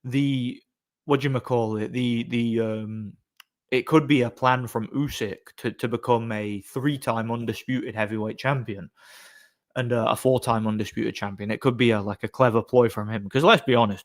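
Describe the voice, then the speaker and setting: A man's voice: fairly low pitch, steady tone, normal speed. A man chatting casually on a live stream, reading comments and rambling sarcastically with many fillers and restarts.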